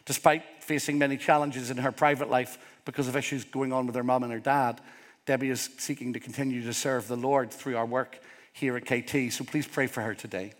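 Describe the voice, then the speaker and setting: A man's voice: medium pitch, steady tone, fairly quick. A middle-aged man preaching a sermon as pastor, earnest and openly vulnerable, rising to emphatic peaks. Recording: long hall reverb.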